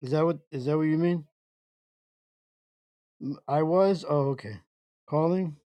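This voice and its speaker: A man hosting a casual internet radio show, reading chat messages aloud in a slow, halting way and breaking into laughter. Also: a little high, mellow, dry recording.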